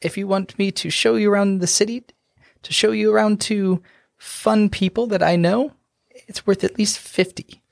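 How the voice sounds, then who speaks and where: A man doing a smug high halfling con man. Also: fairly even intonation, moderate pace, creaky, no echo, studio quality. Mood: scheming. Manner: oily, sly and teasing.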